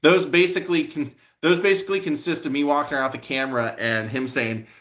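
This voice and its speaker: Bright-voiced man chatting on stream. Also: fairly high pitch, steady tone, fast. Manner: rambling, with frequent fillers and a friendly "man"; answers viewer comments. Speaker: live stream host. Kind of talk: casual live stream chat.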